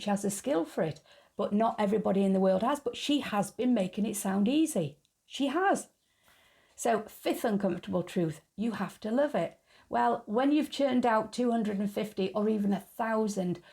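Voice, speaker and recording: Blunt, chatty woman host, mid pitch with a gravelly edge. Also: dark tone. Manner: frank, chatty, laughs at her own jokes. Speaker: YouTube channel host. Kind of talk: casual opinion monologue.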